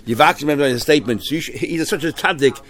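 A man's voice: on the high side, racing, a bit bright. A man teaching a Talmud class in English, mixing in many Hebrew and Yiddish terms and often restarting his sentences. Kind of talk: Talmud shiur, explaining texts.

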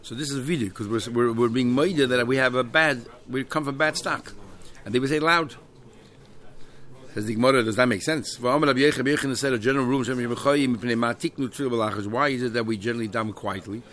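A man's voice: medium pitch, fast talker, fairly bright tone. Man explaining a Talmud text. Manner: reads Aramaic phrases then translates them, with many fillers. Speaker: Talmud teacher.

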